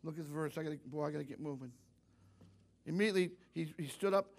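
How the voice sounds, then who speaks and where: An older man preaching a sermon to young people, folksy and direct, rising to loud fervent exclamations. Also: on the high side, fast talker, gravelly. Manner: folksy, addresses youth directly. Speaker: pastor.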